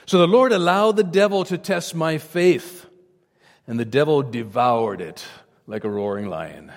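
A man preaching a sermon in an earnest, testifying manner, his voice dropping low and quiet at reverent moments. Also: in a large hall.

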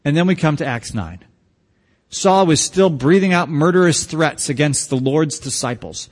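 A man's voice: fairly high pitch, expressive, moderate pace. A man preaching a sermon as pastor, conversational and joking with his congregation. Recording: long hall reverb.

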